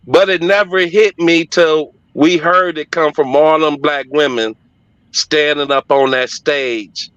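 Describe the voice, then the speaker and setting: Emphatic, bright-voiced man telling stories. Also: fairly high pitch, fairly even intonation, measured pace, clean tone, no room sound, highs cut off. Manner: emphatic, profane, heartfelt. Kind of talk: personal storytelling.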